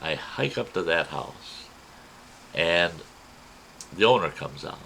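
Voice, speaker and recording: A man's voice: sits low, slow, gravelly, slight background noise, low-quality recording. Folksy man telling a campfire story. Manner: folksy, animated retelling with quoted voices. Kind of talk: spoken personal story.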